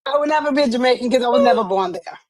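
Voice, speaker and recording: A woman's voice: on the high side, animated, very fast, background noise. A woman guest on a live talk show, good-humored and laughing as she talks. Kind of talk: casual discussion.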